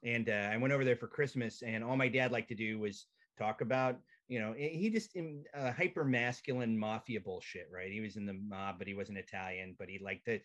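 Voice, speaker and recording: A man's voice: mid-range voice, moderate pace. Man telling a profane comic story. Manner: profane, animated, comic timing. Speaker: comedian guest. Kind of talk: casual storytelling on a podcast. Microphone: video call.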